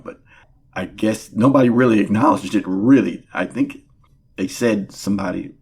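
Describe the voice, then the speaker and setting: A man's voice: fairly low pitch, normal speed, darkish tone, husky. A man speaking as a podcast guest, laid-back, often agreeing and trailing off mid-thought. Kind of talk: casual movie review chat.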